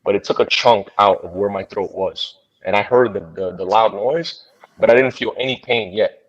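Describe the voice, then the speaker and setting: A man, a bare knuckle fighter, telling a fight story in an interview in a blunt, profane, animated way. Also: fairly low pitch, normal speed, lo-fi sound.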